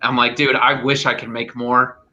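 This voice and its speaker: Bright-toned young man, casual chat. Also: medium pitch, level tone, moderate pace, dull audio. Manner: loose, filler-heavy talk. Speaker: student content creator. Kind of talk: casual livestream panel chat. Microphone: video call.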